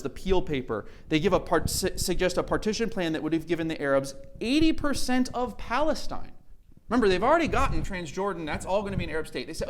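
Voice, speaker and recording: A middle-aged man giving a conversational history lecture with slides at a church conference, acting out the quoted voices of the sides he describes and correcting himself as he goes. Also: on the high side. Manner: conversational, acts out quoted speakers, self-correcting. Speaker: conference speaker.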